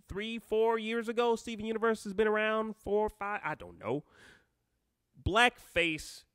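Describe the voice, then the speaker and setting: Man, live-stream host, rambling, self-interrupting, smooth voice, dry close sound. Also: high voice, a bit bright, no room sound. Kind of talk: live-stream chat reading comments and taking calls.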